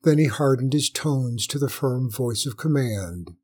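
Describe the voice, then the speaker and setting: A man narrating a story in a measured, dramatic storytelling manner. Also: mid-range voice, darkish tone, slightly rough. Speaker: audiobook narrator.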